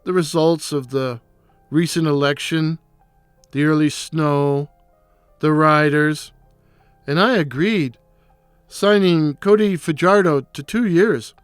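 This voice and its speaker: A storyteller reading a first-person horror tale in a slow, brooding, theatrical way. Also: medium pitch, clean tone, dry recording, faint music behind.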